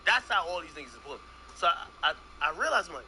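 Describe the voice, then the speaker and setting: Jamaican man telling a lively story. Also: on the high side, fast talker, a little hiss or hum. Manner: rambling, profane, repeats words. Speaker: streamer host. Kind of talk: casual storytelling chat.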